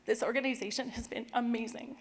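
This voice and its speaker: A woman's voice: fairly high pitch, steady tone, fast talker, slight background noise. Emotional woman speaker in a reverberant hall. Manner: emotional, tearful at moments, laughs often. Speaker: church speaker sharing testimony. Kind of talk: personal testimony talk.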